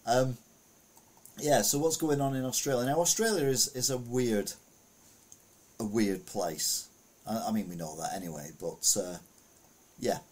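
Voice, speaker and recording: A man's voice: lowish voice, moderate pace, a little mellow. A man casually reading news headlines aloud and adding rambling, self-correcting comments full of fillers.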